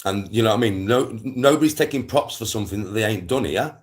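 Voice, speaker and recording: A man holds forth on a casual live stream. His voice sits very low, and he rambles through stories loaded with slang and swearing. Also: fast talker.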